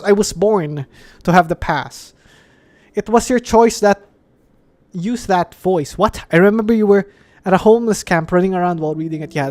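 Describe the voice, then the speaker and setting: A streamer from the Philippines chatting casually on a live stream, rambling and playful, swearing and laughing often. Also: medium pitch. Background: background music.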